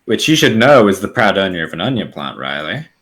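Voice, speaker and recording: A man's voice: sits low, very animated, a little fast, a bit bright. A man co-hosting a casual podcast, teasing his co-host in a wry way. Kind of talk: casual chat.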